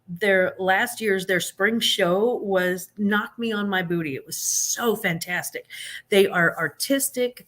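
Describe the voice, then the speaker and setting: A woman's voice: medium pitch, fairly bright tone. A woman hosting a live stream, giving blunt, sarcastic opinions in casual chat, with many fillers and restarts.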